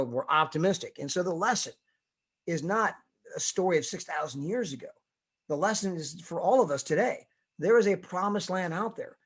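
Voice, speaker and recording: A middle-aged man giving a sermon-style motivational talk on a corporate call, telling stories and asking "right?" all the time. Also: fairly high pitch. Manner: storytelling with frequent tag questions; exhorting, rising emphasis. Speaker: motivational speaker.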